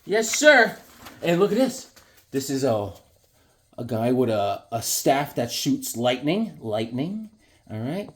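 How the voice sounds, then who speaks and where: A man talking casually to his camera about his drawings and comic books. His pitch swings widely and sits a little high for a man, and he keeps breaking into quick silly voices. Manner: animated, jumps into quick silly voices and shouts.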